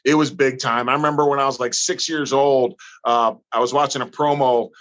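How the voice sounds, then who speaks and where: A man from northern Missouri, a guest in a casual chat, telling stories in an animated way. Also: mid-range voice, fairly quick, muffled recording. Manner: animated storyteller who acts out quotes.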